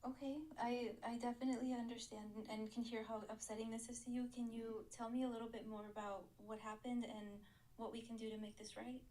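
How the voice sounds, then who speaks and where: A woman's voice: fairly high pitch, flat delivery, fairly quick, mellow, low-quality recording. Polite, hesitant woman trainee. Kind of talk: practicing customer service role-play.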